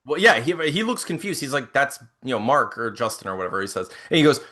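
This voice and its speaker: Animated young man telling a rambling story. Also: mid-range voice, quick pace. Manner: animated, rambling, acts out quotes. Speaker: podcast co-host. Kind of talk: casual storytelling chat.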